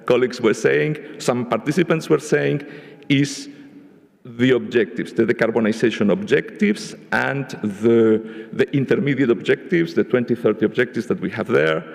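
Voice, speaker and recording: A man giving a measured spoken summary of a panel discussion at a conference, often restarting his phrases. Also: mid-range voice, gravelly. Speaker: panel rapporteur. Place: large conference hall. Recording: echoey conference hall.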